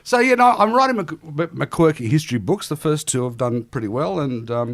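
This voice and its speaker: Middle-aged Australian man, self-deprecating storyteller, pitched slightly high, bouncy delivery. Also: a little fast. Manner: animated storyteller, laughs often, self-deprecating. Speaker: guest comedian. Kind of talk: casual podcast chat.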